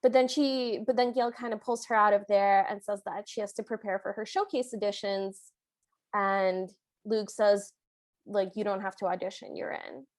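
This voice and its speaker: A woman co-hosting a podcast, retelling a movie in animated casual chat and briefly acting out what the characters say. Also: mid-range voice, moderate pace, dry recording. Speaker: podcast co-host.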